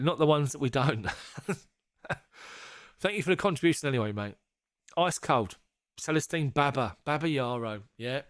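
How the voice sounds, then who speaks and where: A man's voice: mid-range voice, clear, resonant tone, dry recording, clean studio sound. Chuckling man on a fan stream. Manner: jokey, laughs often, swears casually. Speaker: host of a fan live stream. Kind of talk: casual live-stream chat.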